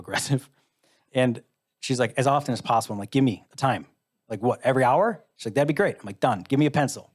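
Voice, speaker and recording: A middle-aged American man tells a personal story in a live interview. He speaks in a mid-range voice, candid and earnest with a dry wry humor, and slips into the voices of the people he quotes. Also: mid-range voice. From United States. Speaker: interview guest, musician.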